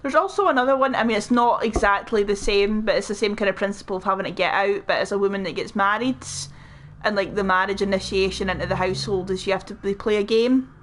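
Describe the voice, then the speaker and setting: A woman chatting casually while playing a game, her pitch in the middle of the usual range. She rambles through her explanations and leans on fillers as she goes. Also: quick pace, a bit bright, slight background noise. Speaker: gaming channel co-host. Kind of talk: casual chat during gameplay.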